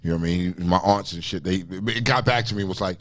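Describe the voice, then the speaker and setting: A man with a New York accent rattles along at a brisk clip in relaxed talk-show chat. He's profane and animated, and he stumbles over restarts as he tells his stories. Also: low voice. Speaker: co-host. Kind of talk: casual podcast chat.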